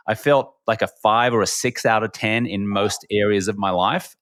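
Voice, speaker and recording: A man's voice: lowish voice, fairly bright tone, no echo, clean studio sound. A middle-aged man with an Australian accent, talking fluently as a podcast guest. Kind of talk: podcast interview.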